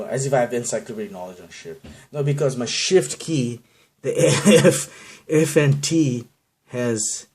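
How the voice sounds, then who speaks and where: On his casual solo podcast, a Bangladeshi man with a slightly mellow, medium-pitched voice rambles from one tangent to the next. He's self-deprecating and keeps laughing at his own jokes.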